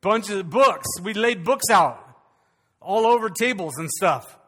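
A man preaching a sermon as pastor, animated and calling out questions to his congregation. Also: sits high, measured pace, long reverb tail.

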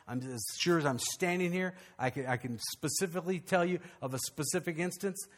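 A male pastor, preaching a conversational, animated sermon with frequent restarts. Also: on the high side, fairly quick.

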